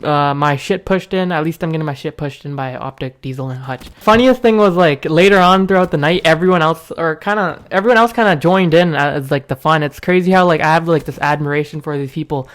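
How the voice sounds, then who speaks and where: A young man hosting a gaming video, telling a rambling story with bursts of excitement. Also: a little high, a little fast, hardly any pauses. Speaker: gaming channel host.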